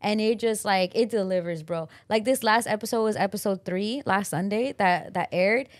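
A woman's voice: medium pitch, moderate pace. Chatty woman podcast co-host. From Los Angeles. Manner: chatty, laughs often, swears casually. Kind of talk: casual chat.

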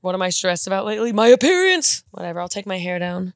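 A young woman hosting a comedy podcast, chatting casually and jokily, quick to laugh and to slip into silly voices. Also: medium pitch, sing-song. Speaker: podcast host.

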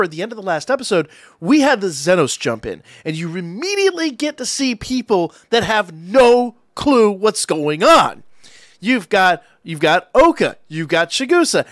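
Excitable man recapping an anime episode. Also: sits high, no echo, clean studio sound. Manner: excited, rambling retelling with acted-out quotes. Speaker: anime reviewer.

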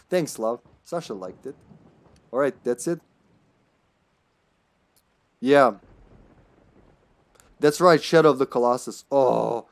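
A man commentates a live retro game stream. He rambles casually and jokes with his viewers, with a medium-pitched voice. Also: drawn-out words, pauses often. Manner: chatty and jokey, often laughing, greeting chat.

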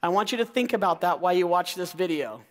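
Enthusiastic male keynote speaker in his 40s, bright high voice, echoing in a large hall. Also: lively intonation, fast, loud music behind the voice. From Idaho. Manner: enthusiastic, crowd-engaging, calls out questions to the audience. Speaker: motivational speaker. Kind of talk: energetic keynote talk. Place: large auditorium. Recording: long hall reverb.

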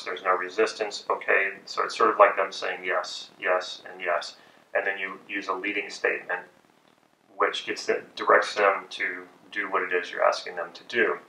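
Gravelly-voiced man teaching in an echoey room. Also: low-pitched, bright, forceful tone. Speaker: persuasion and hypnosis instructor. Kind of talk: instructional talk. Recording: echoey room, distant from mic.

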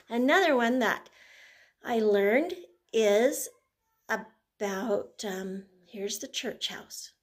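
An older woman, a grandmother, leading a toddler through finger plays and songs, talking gently and breaking into simple tunes. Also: on the high side. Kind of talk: gentle children's sing-along lesson.

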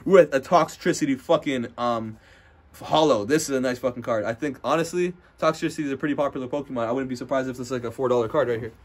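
A young man vlogging as he opens trading card packs indoors at a friend's house, casual and foul-mouthed, trash-talking and bursting into loud hype. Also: mid-range voice, fast. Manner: profane, brash trash-talk; excitable, swings into loud hype. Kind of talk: casual unboxing commentary.

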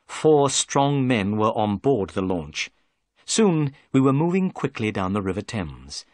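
A man narrating a storybook in clear, expressive scripted narration. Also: fairly low pitch, unhurried, no echo, studio quality.

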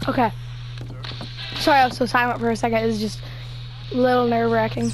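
A woman giving casual, excitable let's-play commentary, talking to herself as she plays. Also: on the high side, fast talker, faint music behind, poor audio. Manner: excitable, jumpy, talks to herself while playing. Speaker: gameplay commentator.

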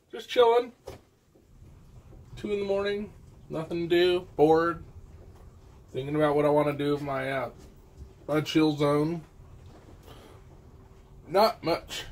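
A man's voice: a little high, fairly bright tone. A man, rambling casually to viewers in a vlog. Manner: laid-back, rambling, talks to viewers. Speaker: vlogger. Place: indoors and outdoors at night.

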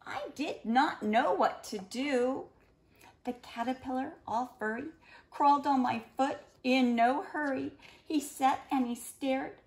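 A woman reading a rhyming children's picture book aloud in a gentle, expressive storytelling manner. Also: high-pitched, takes it slowly.

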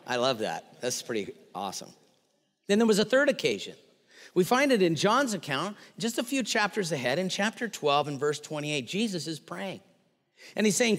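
Man, pastor, preaching a sermon, fairly high voice, lively, acts out quotes, long reverb of a church hall. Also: moderate pace. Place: church sanctuary.

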